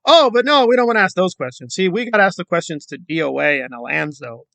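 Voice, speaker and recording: Sarcastic high-voiced man ranting. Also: expressive, quick pace, creaky, sharp tone, no echo. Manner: combative, sarcastic, rhetorical questions. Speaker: commentary YouTuber. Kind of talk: ranting commentary vlog.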